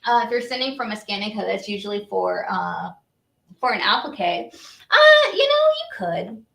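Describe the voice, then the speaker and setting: Bubbly woman with a bright voice. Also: medium pitch, moderate pace, vocal fry. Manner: bubbly, chatty, laughs often. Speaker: host of a live craft demo show. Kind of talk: live embroidery demo, reading viewer comments.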